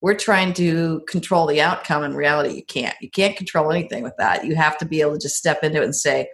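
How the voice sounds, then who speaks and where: A middle-aged woman with a low-set speaking voice talks through relationship advice in a relaxed conversational way. She tells stories with animation, and her voice leaps up whenever she acts out a quoted line. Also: fast, few pauses. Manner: animated storyteller, acts out quotes with big pitch jumps.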